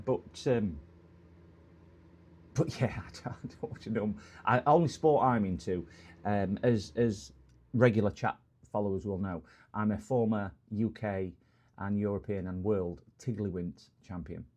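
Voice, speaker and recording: A middle-aged English man hosting a repair livestream, chatting casually and joking with viewers, rambling between topics. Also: on the low side. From England. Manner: rambling, jokey, greets chat warmly with bursts of loud hellos.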